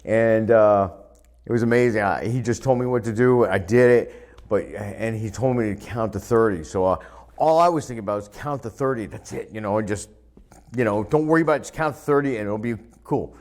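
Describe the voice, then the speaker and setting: A pro wrestler in an interview, recounting anecdotes in an animated, self-deprecating way. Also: male voice, fairly low pitch, a little fast. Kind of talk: casual interview storytelling.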